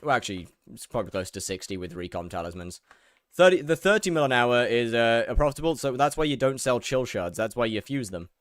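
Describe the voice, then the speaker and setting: Young man, casual streamer chat, rambling, smooth voice, dry sound. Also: mid-range voice, no echo. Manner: rambling, repeats words, answers chat.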